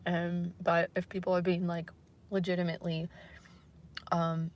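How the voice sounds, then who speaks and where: A woman's voice: fairly low pitch, completely flat delivery, a little slow. Hesitant woman rambling on a livestream. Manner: hesitant, rambling, many fillers; soft, unsure, apologetic. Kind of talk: casual livestream chat.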